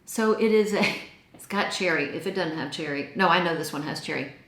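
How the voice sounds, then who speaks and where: A woman's voice: lowish voice, a little fast, reverberant, background noise. A woman with a Texan accent, chatting enthusiastically as she reviews perfumes. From Texas. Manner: chatty and enthusiastic, gushing over scents. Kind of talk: casual product review.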